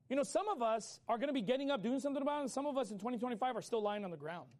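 A man preaching a sermon in a casual, conversational way, acting out people's complaints and urging listeners to get up and act. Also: high-pitched. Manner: fast, animated delivery. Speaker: pastor.

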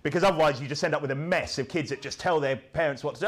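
A man's voice: fairly high pitch, very fast. A man preaching a sermon, punchy and rhetorical, who keeps checking in with the congregation through tag questions.

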